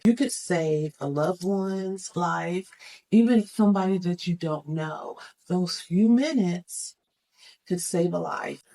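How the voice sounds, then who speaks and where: A woman's voice: fairly low pitch, gravelly, darkish tone, low-quality recording. A woman teaching CPR, giving step-by-step instructions and counting the moves aloud as she demonstrates. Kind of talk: hands-on first aid demonstration.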